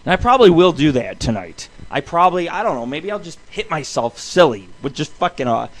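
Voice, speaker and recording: Man, young adult, show host, slightly high voice, profane rambling rant, home studio. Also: a little fast. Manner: loose, swearing, ranting, excitable.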